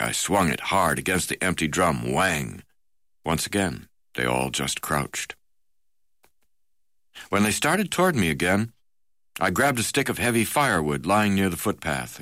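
A man reading a first-person wildlife memoir aloud in a measured way, with occasional hesitations. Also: low voice, pushed and bright, no echo, studio quality. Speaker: reader.

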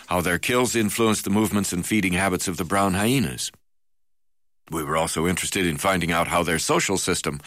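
Low-voiced man reading a memoir. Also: fairly bright tone, no echo. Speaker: reader.

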